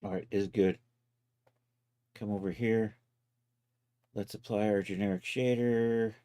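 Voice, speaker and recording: Lowish-voiced man narrating software steps. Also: fairly even intonation, unhurried. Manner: talks himself through each step, loose and self-mocking. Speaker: livestreaming 3D content creator. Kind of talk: casual live software walkthrough.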